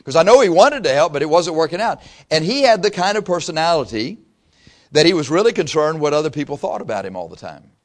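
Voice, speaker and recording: Male preacher with a slightly high voice, easy storytelling sermon in a church. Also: very animated, fast talker. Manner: conversational preaching, acts out dialogue in quotes. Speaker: pastor. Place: church sanctuary.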